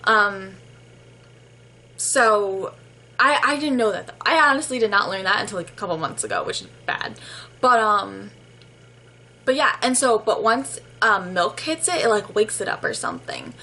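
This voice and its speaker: A woman's voice: mid-range voice, sing-song, moderate pace, pushed and bright, rough recording. A young woman telling casual stories about her barista job, chatty and full of fillers. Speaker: vlogger and barista. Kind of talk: casual storytelling.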